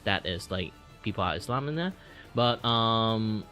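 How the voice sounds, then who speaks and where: Lively bright-voiced Malaysian streamer man. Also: fairly low pitch, a little slow. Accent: Malaysian English. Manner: rambling, lots of fillers, swears, laughs. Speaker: vtuber streamer. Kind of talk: casual livestream chat. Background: faint background music.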